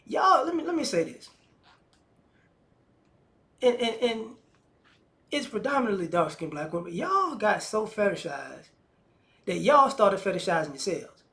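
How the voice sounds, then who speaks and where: A man with giving a casual opinion monologue, animated and slangy, often acting out the voices of the people he talks about. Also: high-pitched, measured pace, creaky, long pauses. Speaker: commentator.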